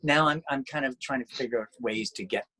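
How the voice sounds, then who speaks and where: Fairly quick, with a pushed, bright and slightly rough mid-range voice, this man is being interviewed about his music and radio work. His casual answers wander, with many restarts and fillers. The recording is low quality.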